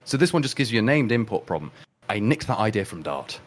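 A man's voice: on the low side, big pitch swings, fast talker. A man with an English accent, a guest programmer explaining his work in casual technical chat, rambling with many restarts and fillers. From England.

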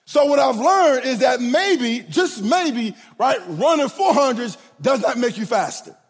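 A man's voice: very high-pitched, sing-song, unhurried, slightly rough. A middle-aged man preaching a sermon with a sing-song cadence, often stuttering and repeating words as he tells coaching stories. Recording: long hall reverb.

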